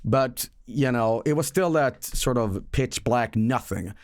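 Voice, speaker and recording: A man's voice: medium pitch, slow pace, a little mellow, no echo, studio quality. A man streaming live, chatting casually about a movie he saw, with rambling, profane, joking storytelling.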